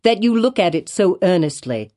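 A woman's voice: lowish voice, sing-song, normal speed, warm tone. A woman voicing an old male physician in a storybook, bitter and gloating, with an intense, insistent delivery. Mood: probing.

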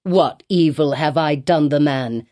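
A woman's voice: low-pitched, a little slow, dark tone. A woman voicing an old male physician in a storybook, bitter and gloating, with an intense, insistent delivery.

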